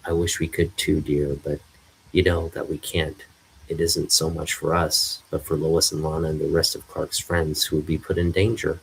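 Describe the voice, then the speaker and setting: A man voicing a soothing older farm wife, reading a comic aloud in a soft manner. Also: a bass voice, flat delivery, normal speed, vocal fry, a little hiss or hum, poor audio.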